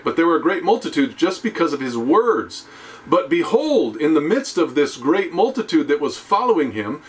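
A man giving a conversational sermon, often checking in with "okay?" and "right?" and slowing down to a hushed tone on key phrases. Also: on the high side. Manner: conversational preaching with tag questions. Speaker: preacher.

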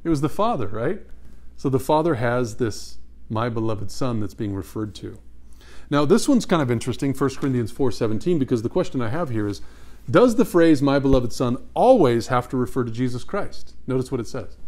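A man teaching a Bible study. He reads scripture slowly and with emphasis and puts questions to his listeners. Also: mid-range voice, darkish tone.

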